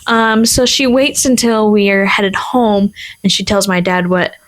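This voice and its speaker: A young woman co-hosting a casual podcast, chatting through a family story. She talks in an animated way, full of fillers. She jumps into the voices of the people in her tale. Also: mid-range voice, measured pace. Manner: animated, acts out quoted people, many fillers. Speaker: podcast co-host.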